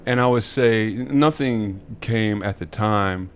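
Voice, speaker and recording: A man with a fairly low voice spins a long, animated story on a podcast. He rambles, circles back and laughs often in easy, casual chat. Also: slow, hardly any pauses, slight background noise. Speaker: podcast co-host.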